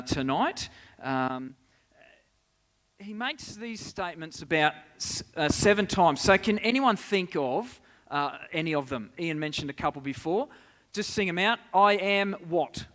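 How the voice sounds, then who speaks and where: A man with a slightly high voice teaches a church group, chatting easily and asking the room for answers. His voice carries a long reverb off the hall walls. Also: fairly bright tone. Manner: conversational, asks the congregation questions. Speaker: preacher. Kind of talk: interactive Bible teaching.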